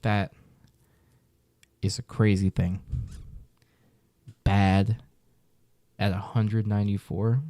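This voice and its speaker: A man's voice: fairly low pitch, flat delivery, slow, pauses often, warm tone, no room sound. A man reacting casually to a music list, muttering exasperated, profane comments with whispered asides.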